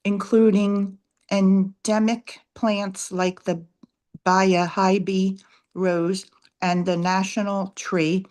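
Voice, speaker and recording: A woman's voice: medium pitch, level tone, slow, darkish tone. A woman reading a text aloud in a live online session, stumbling over names.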